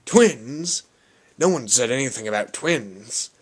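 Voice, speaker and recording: A man's voice: medium pitch, animated, slow pace, husky. A man voicing a mild, doubtful, ordinary middle-aged husband in an audiobook reading. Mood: mild puzzlement.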